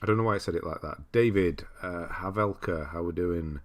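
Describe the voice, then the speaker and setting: A man's voice: low-pitched, a little fast. A man from Britain hosting a casual livestream, chatting and greeting viewers by name. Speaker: livestream host. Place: cold room at home.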